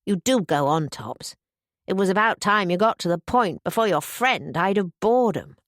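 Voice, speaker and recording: A woman voicing a lazy, teasing young man with a slow drawl. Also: medium pitch, animated, dry recording, studio quality, lightly acted.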